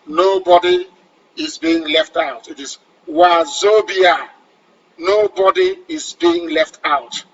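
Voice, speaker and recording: Fervent Nigerian man, high and husky. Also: sing-song, takes it slowly, fairly bright tone, dull audio. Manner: fervent, commanding, repeats phrases for emphasis. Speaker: radio broadcaster. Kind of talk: impassioned radio address.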